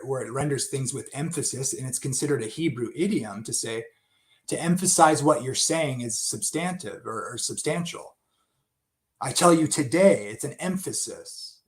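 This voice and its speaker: A man giving an unscripted Bible study talk, thinking aloud with many restarts and asides. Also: medium pitch.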